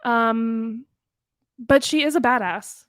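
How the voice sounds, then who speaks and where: A woman co-hosting a podcast in casual chat, animated and quick, with frequent "like". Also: on the high side, clean tone, no echo. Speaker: podcast co-host.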